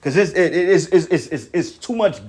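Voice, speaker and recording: A man's voice: fairly high pitch, expressive, moderate pace, a little mellow. A man delivering an angry, profane preaching rant, repeating himself and tagging lines with "man". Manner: heated, repetitive, swearing, ends lines with "man".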